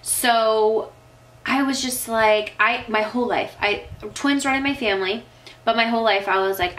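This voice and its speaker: A woman's voice: on the high side, steady tone, normal speed, fairly bright tone, rough recording. Tearful, chatty young woman vlogger. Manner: emotional, tearing up, filler-heavy. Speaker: vlogger answering viewer questions. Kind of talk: casual chat.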